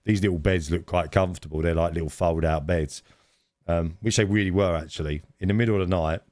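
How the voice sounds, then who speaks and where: Man, middle-aged, very low voice, dry close sound, animated storyteller. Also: fairly quick, no echo. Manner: animated storyteller, laughs often, many restarts. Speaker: podcast co-host. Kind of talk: casual storytelling chat.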